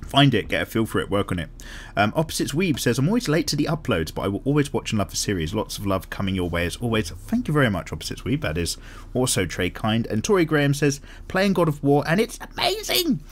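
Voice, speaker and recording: A man chats casually while he draws, reading out viewer comments and wandering off on side tangents. His pitch swings up and down a lot around a middle register. He talks in an upbeat, self-deprecating way with plenty of ums. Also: big pitch swings, fast talker. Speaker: art channel host.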